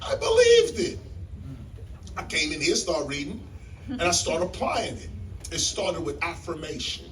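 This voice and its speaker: A man telling a story to a live audience in a library hall, animated and emphatic like a preacher, repeating key lines and jumping in pitch. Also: moderate pace, far from the mic, slight background noise. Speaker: guest speaker on stage.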